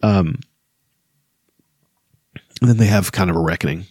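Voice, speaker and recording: A man's voice: low voice, measured pace, a little mellow, dry recording, clean studio sound. A man hosting a podcast, chatting casually about a fantasy novel, laughing often and hesitating with fillers. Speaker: podcast host. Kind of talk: casual book discussion with read-aloud passages.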